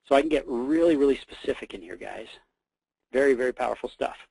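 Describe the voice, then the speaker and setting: A man hosting a webinar, talking casually through a software demo, repeating words and calling his listeners guys. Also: medium pitch, lively intonation, fast, creaky, husky, dry recording, rough recording. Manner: casual, repeats himself, many fillers, addresses listeners as guys. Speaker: webinar host.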